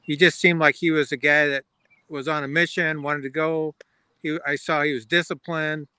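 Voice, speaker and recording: Middle-aged male guest, bright, sharp crisp voice, dry sound. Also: on the high side, little pitch movement, normal speed, no echo. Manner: friendly, joking. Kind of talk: casual chat on a video call.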